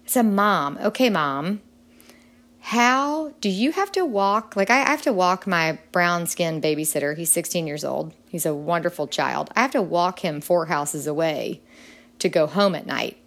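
A middle-aged woman talks earnestly as a podcast guest. Her voice sits a little low. It jumps sharply upward whenever she presses a point. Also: expressive, normal speed, fairly bright tone. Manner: earnest, with sudden upward pitch leaps when emphatic. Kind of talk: earnest conversational interview.

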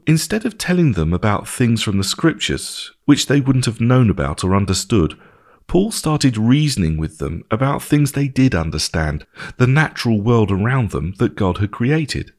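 A man narrating a Bible story in a scripted, expressive storytelling manner. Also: medium pitch. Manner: expressive storytelling, rising for emphasis.

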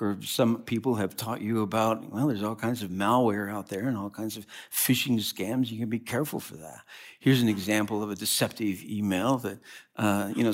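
A man preaching a sermon as pastor, animated and conversational, swinging from loud passages to quiet asides. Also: on the low side.

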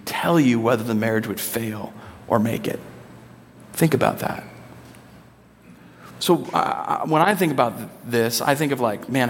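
A man in his thirties preaching a conversational sermon, acting out quotes with playful voices. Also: a little high. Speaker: pastor. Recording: long hall reverb.

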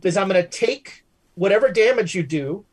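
A game master narrates a tabletop horror game. He rambles loosely, with many fillers, restarts and trailing pauses. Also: mid-range voice, animated, a little mellow, husky, low-quality recording.

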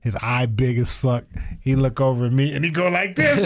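Animated, profane storytelling man. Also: mid-range voice, moderate pace. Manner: animated, profane, acts out voices in quotes. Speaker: storyteller guest. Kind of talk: casual storytelling.

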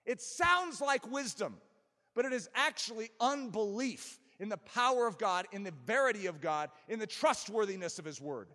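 Animated male preacher in an echoing hall. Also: sits high, normal speed. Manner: emphatic, animated preaching with self-deprecating humor. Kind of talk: sermon. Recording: long reverb of a large hall.

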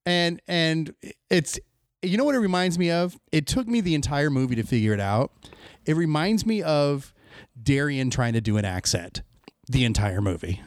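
A man in casual podcast chat, complaining and cursing with sarcastic bite. His voice sits a little high and swings widely in pitch. The sound is close and dry. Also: expressive, moderate pace, dry recording. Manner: ranting, profane, sarcastic. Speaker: podcast co-host.

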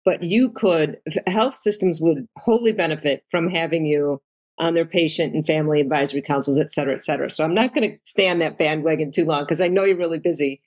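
A woman's voice: low-pitched, quick pace, darkish tone. A woman interviewing a guest, affirming what she hears and leading into follow-up questions. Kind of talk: conversational interview.

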